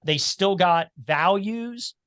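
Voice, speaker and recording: A talkative man with a slight Appalachian twang, chatting as a podcast guest. His voice sits a little high for a man and sounds close and dry. He talks in animated bursts and restarts his sentences as he goes. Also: slow pace, no room sound. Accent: slight Appalachian twang, Cincinnati. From Cincinnati area, United States. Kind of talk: casual chat.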